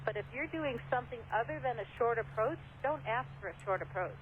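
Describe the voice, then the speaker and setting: A woman's voice: fairly high pitch, animated, fairly quick, narrow, tinny audio, slight background noise. Female controller on radio: hesitant, a bit defensive. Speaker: air traffic controller. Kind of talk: radio exchange.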